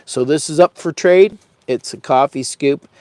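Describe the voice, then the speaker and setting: A man's voice: on the high side, unhurried, dark tone, no room sound. A man casually rambling through a camping vlog, goofy and self-mocking, chatting straight to his viewers. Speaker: vlogger. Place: hot tent while camping.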